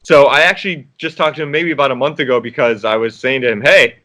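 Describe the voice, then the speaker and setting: A man's voice: medium pitch, quick pace, bright, forceful tone. A man, an actor guest, chatting casually in an interview, rambling with restarts and frequent laughs.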